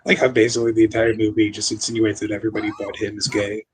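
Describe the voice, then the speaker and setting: A man's voice: on the low side, monotone, racing, slightly rough, low-quality recording. A man hosting a casual movie review podcast, wry and profane with mocking asides. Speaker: podcast host.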